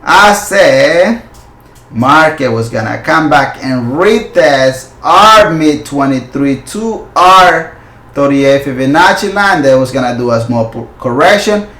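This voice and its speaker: A man hosting a live trading stream, his voice sitting fairly high as he swings between steady explanation and loud, excited exclamations. His English has non-native phrasing. The room is echoey around him. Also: slow. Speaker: forex trading channel host. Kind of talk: live market analysis stream.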